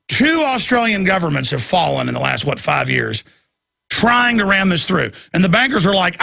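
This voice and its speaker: A man's voice: a little high, animated, a little fast, vocal fry, pushed and bright, breathy edge. A man hosting a radio talk show with a heated rant, often repeating words as he gets worked up. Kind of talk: ranting radio monologue.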